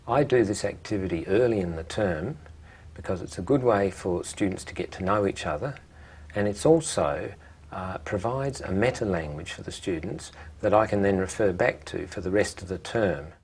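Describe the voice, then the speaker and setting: Speaking in a deep, somewhat mellow voice, a teacher covers syllable stress in a language lesson. Words are modelled with slow deliberation, followed by short questions for the students.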